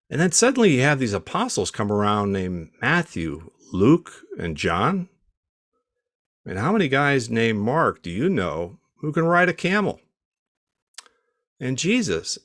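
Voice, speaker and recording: A man doing a stand-up comedy set, with deadpan setups and punchy turns. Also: mid-range voice, no echo, studio quality.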